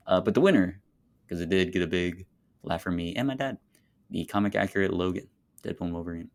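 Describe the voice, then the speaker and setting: A young man co-hosting a casual movie podcast, enthusiastic and quick to laugh. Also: deep voice, a little mellow. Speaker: podcast co-host.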